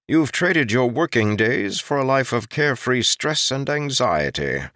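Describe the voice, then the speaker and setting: A man's voice: medium pitch, very animated, unhurried, fairly bright tone, no room sound, voice pushed up. A man reading the part of a wry male court jester with dry, teasing banter, in an audiobook.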